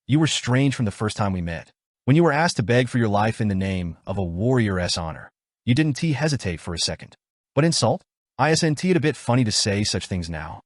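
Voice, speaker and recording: Man reading as a cold shrewd noblewoman, cool, probing, matter-of-fact, lively pitch, dry close sound. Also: no echo.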